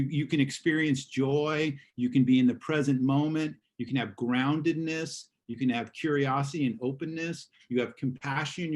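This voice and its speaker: Casual male teacher lecturing over a video call, animated examples. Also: on the high side. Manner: casual, acts out examples in voices. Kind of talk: online class lecture.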